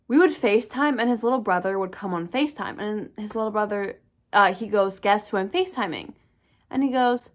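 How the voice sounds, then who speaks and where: A woman's voice: mid-range voice, moderate pace. A young woman telling a candid, swear-filled personal story in a casual storytime vlog, acting out what people said. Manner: candid, swears often, animated retelling. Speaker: vlogger.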